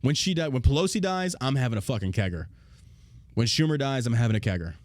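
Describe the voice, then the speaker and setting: A man's voice: medium pitch, lively intonation, fast talker, no echo. A man hosting a show, ranting bluntly and profanely in a casual, heated way. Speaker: show host. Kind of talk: casual political rant.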